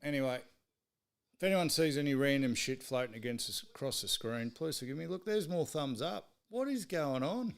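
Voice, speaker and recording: A man's voice: on the high side, expressive, moderate pace, creaky. A man with an Australian accent hosting a live sports stream, swearing freely as he tells exasperated stories. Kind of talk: casual ranting chat.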